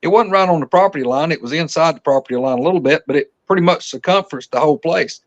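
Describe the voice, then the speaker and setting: A man's voice: on the high side, fast, lo-fi sound. A man telling a hunting story as a podcast guest, folksy and rambling, often restarting his sentences. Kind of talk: casual storytelling.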